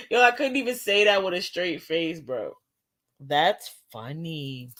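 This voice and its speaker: Chill woman host, slow drawl, lowish voice, laughs a lot with her viewers. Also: sing-song, fairly bright tone. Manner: laid-back, slangy, laughs often. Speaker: host of a live talk stream. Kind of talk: casual live-stream chat with viewers.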